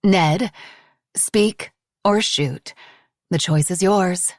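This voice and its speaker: A woman voicing a steady, relentless woman who keeps pressing an accusation. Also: low voice, normal speed, dry recording, studio quality. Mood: insistent. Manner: cold and insistent.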